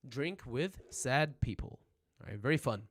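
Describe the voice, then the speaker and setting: This young man's mid-range voice has lively intonation and a measured pace as he teaches casually on a livestream. Captured on a phone at home, he jokes, wanders off topic, swears, and keeps asking "right?"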